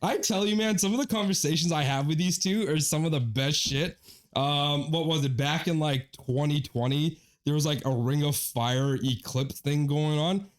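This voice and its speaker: A man's voice: fairly high pitch, moderate pace. A young man co-hosting a podcast, casually retelling a story, acting out his friends' lines and swearing often. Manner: animated storyteller, quotes friends in their voices, swears a lot. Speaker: podcast co-host.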